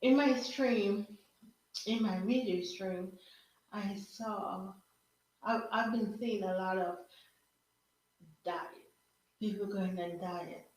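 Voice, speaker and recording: Woman podcaster talking slow and thoughtful, keeps asking "right?", big echoey room. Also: mid-range voice, a little mellow. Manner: reflective, asks rhetorical questions with frequent "right?". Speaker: podcast host. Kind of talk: casual solo talk.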